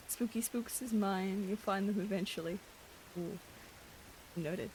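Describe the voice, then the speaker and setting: A woman streaming a game late at night, chatting casually in a hushed voice, giggling and gushing over cute things. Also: medium pitch, normal speed, a little hiss or hum. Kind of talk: casual live-stream chat while gaming.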